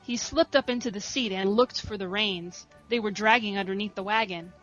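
A woman reading a story aloud in a soft, steady narration. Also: medium pitch, normal speed, lo-fi sound, faint music behind. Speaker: reader.

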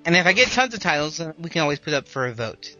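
A man hosting a podcast in casual chat, easygoing and quick to laugh, with light hesitations. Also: a little high, big pitch swings, bright, forceful tone. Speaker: podcast host. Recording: slightly dull, dry sound, faint music.

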